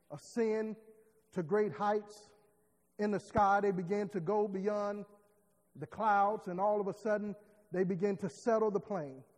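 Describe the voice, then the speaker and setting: A man preaching a sermon in a rhythmic call-and-response style, building from quiet storytelling to shouted peaks. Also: high voice. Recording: long hall reverb.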